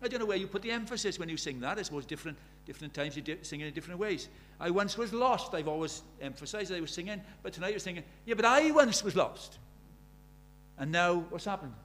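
A man preaching a sermon, animated, shifting from loud emphatic lines to quiet asides. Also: high-pitched, fast talker, hardly any pauses.

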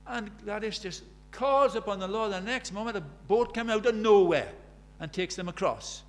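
A man's voice: sits high, normal speed. A man preaching a sermon, emphatic and storytelling, firing rhetorical questions at the congregation.

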